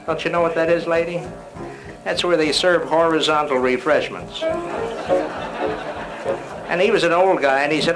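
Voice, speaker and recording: A man doing live stand-up comedy, rattling off rapid-fire one-liners with punchy delivery. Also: fairly high pitch, fairly even intonation, rough recording. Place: live nightclub show. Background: music.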